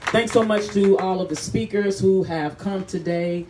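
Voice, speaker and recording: A woman's voice: mid-range voice, normal speed. A woman hosting a press conference outdoors, thanking partners and addressing groups one by one. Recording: echoey distant mic with faint noise.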